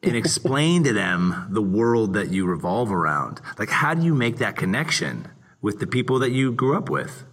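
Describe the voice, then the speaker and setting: Deep bright-toned male interviewer. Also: big pitch swings, moderate pace. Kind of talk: conversational interview.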